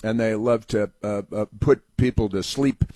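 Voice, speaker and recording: A man's voice: lowish voice, fairly even intonation, dark tone, no echo. A man hosting a sarcastic monologue, reading out headlines with many fillers and restarts and mocking them. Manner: sarcastic, halting with many fillers, mimics people in raised voices.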